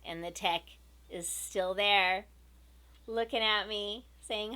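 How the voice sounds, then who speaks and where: Slow, bright-voiced woman telling a story. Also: mid-range voice, steady tone. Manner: earnest, emotional retelling. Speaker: vlogger. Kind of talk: personal storytelling.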